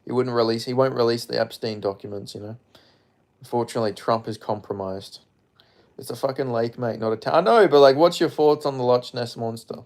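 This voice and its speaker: A man's voice: mid-range voice, fairly quick, darkish tone. A man from Perth with an Australian accent, chatting casually on a live stream, rambling, joking and swearing as he reads chat. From Perth, Western Australia. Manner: rambling, jokey, swears freely, mumbles asides.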